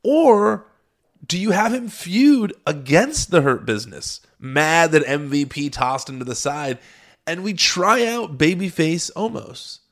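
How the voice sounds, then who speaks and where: A man's voice: on the high side, expressive, unhurried, fairly bright tone. Chatty opinionated man hosting a podcast. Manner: chatty, opinionated, many restarts and fillers. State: hiccups. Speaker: podcast host. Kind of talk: solo podcast recap and commentary.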